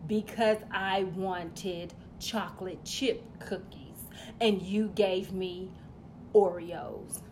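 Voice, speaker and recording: A woman voicing a whiny crying little child who talks in slow, sulky whines. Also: medium pitch, fairly even intonation, darkish tone, slight background noise, voice pushed down, natural voice.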